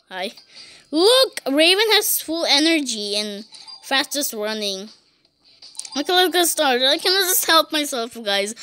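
A woman doing casual gameplay commentary, giggly and excitable, saying "beep" to bleep herself out. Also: very high voice. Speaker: gaming YouTuber.

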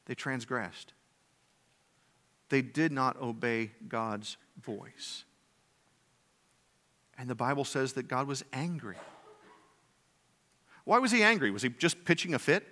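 A man preaching a sermon as pastor, with a dramatic delivery that swings between loud emphasis and hushed, low passages, asking many rhetorical questions. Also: expressive, slow pace, pauses often, big-room sound. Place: church sanctuary.

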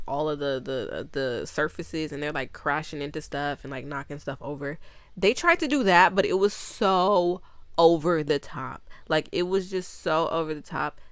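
Woman, casual movie recap, exasperated, chatty, smooth clear voice, dry close sound. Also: deep voice, a bit bright, no echo. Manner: chatty, exasperated, laughs often; acts out characters' lines. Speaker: movie reviewer.

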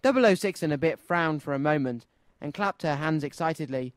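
A man presenting a children's radio show, reading a story aloud with an expressive, lively delivery. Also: a little high, fairly quick, no echo. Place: radio studio.

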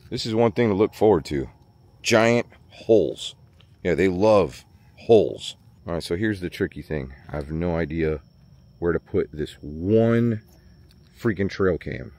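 A man vlogging outdoors on a small farm, chatty and worried, thinking out loud as he walks around. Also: sits low, animated, normal speed. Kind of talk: casual vlog commentary.

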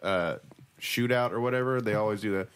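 A man's voice: fairly low pitch, brisk, a little hiss or hum. A man co-hosting a podcast, chatting casually and cracking jokes. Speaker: podcast co-host. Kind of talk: casual chat.

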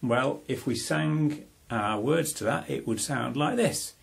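A man giving a playful home music lesson to a young child, talking in a bright, encouraging, sing-song way. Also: medium pitch, slow pace, creaky, breathy edge. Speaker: parent teaching music to a child.

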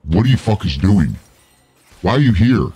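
A low, husky male voice with a wide, swinging pitch, venting in angry, profane bursts. He streams a game live and keeps up a running commentary aimed at his teammates. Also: big pitch swings, moderate pace, warm tone, no echo, soft background music.

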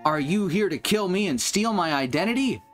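A man voicing a panicky young boy in a video game, talking in a shrill, frantic way. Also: animated, moderate pace, fairly bright tone, soft background music. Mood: panicked.

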